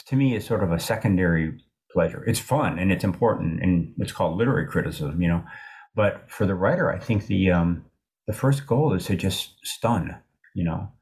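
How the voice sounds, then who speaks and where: An older man in his sixties with a low, deep voice talks through his ideas in an interview. He is thoughtful and halting, circling back and restarting his sentences as he works things out. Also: darkish tone. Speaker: author being interviewed. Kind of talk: reflective interview talk.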